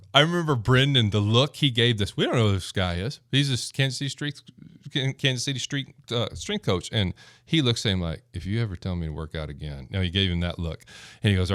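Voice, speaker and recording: Former football guy telling a gym story on a podcast, lively and laughing, dry mic. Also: lowish voice, no room sound. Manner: animated, acts out quotes, laughs while telling. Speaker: guest, former football player.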